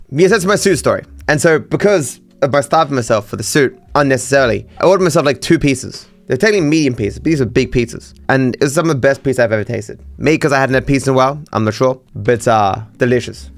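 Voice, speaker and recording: A man's voice: medium pitch, animated, fast talker, faint music behind. Aussie youtuber guy just rambling, lots of likes and restarts, voice goes up and down a ton. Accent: Australian. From Australia. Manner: chatty, rambling, many restarts and fillers. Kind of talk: casual solo rambling.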